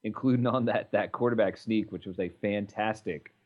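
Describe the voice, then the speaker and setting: A man's voice: on the low side, moderate pace, lo-fi sound. A man co-hosting a podcast, chatting casually about football with joking, sarcastic banter. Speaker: podcast co-host. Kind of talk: casual sports chat.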